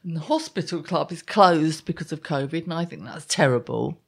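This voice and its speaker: A woman's voice: sits low, animated, brisk, creaky, breathy edge. A woman in her fifties, co-hosting a casual chat and telling self-mocking stories in a wry way. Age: 50s. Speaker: podcast co-host.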